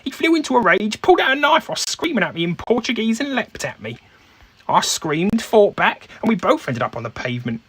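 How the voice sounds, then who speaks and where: A man's voice: high voice, big pitch swings, brisk, a bit bright, a little hiss or hum, pitched above the performer's own voice. A man voicing a brash, coarse young working-class woman in a put-on Cockney accent, in a solo tabletop game. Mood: indignant.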